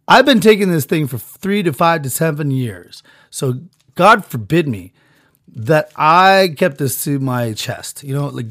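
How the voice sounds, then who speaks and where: Crude rambling podcast guy doing a fake ad, kinda high voice, swings loud then mutters, dry close mic. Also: no room sound. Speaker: podcast host. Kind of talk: profane mock ad rant.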